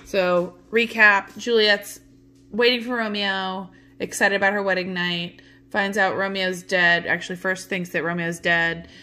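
A woman's voice: medium pitch, level tone, a little slow, bright, forceful tone. A woman teacher giving a casual lesson recap, chatty, with many okays and you knows. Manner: chatty, fillers like okay and you know.

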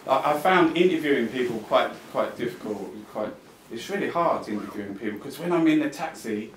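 A man's voice: mid-range voice, lively intonation, brisk, a little hiss or hum. A man giving a rambling, impassioned talk to an audience at an arts venue, restarting his sentences and swearing. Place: arts club venue, talking to a live audience. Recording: roomy venue sound, mic at a distance.

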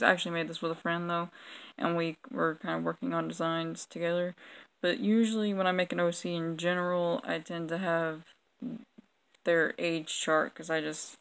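Reviewing her old drawings in a casual vlog, a young woman with a lowish voice rambles, pokes fun at herself, and says um a lot. Her throat is sore, she smacks her lips repeatedly, and the recording quality is low.

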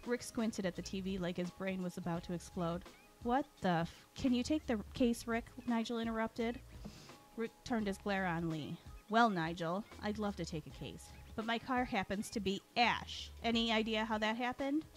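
A woman reading a story aloud as its storyteller, giving the characters lively voices and often clearing her throat. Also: mid-range voice, moderate pace, soft background music.

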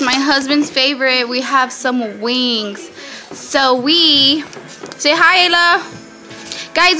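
Chatty high-voiced woman vlogger. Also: sharp tone. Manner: chatty, laughs often. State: pregnant, very full after eating. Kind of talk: casual chat. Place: restaurant, then home by the Christmas tree.

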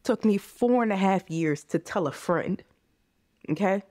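A woman's voice: medium pitch, expressive, moderate pace, darkish tone, no echo, studio quality. A woman in her forties from the United States, a podcast guest speaking earnestly and with passion in a candid interview, often calling listeners "you guys.".

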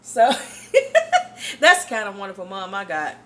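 Bright-voiced exuberant middle-aged woman preacher. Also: mid-range voice, very animated, fast. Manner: exuberant, chatty, laughs often, preacher-like repetition. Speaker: Christian speaker giving a morning testimony. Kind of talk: informal devotional talk.

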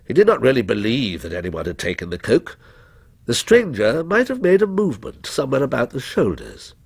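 A man narrating a ghost story in a measured, expressive storytelling manner. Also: medium pitch, creaky, breathy edge, no room sound. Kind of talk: scripted ghost story reading.

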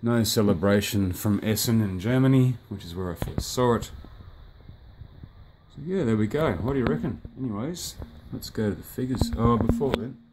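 A man with a lowish voice rambles through a casual toy review, offhand and easygoing, dropping fillers and the odd curse. He talks in a room indoors, with a faint hiss underneath. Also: normal speed, a little mellow. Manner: rambling, offhand, swears at the sunlight. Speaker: toy collector reviewing a figure. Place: indoors by a sunny window.

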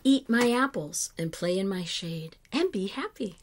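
A woman reading the lines of a gentle, loving old female apple tree, soft and tender, sometimes close to a whisper. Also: medium pitch, lively intonation, measured pace.

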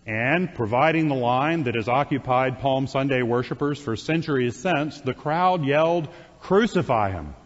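A male priest delivers a sermon, retelling scripture like a storyteller and adding dry asides to his congregation. His voice sits at an ordinary pitch. It rings out in a church with a long reverb, captured on a dull, muffled recording. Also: normal speed, few pauses. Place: church sanctuary.

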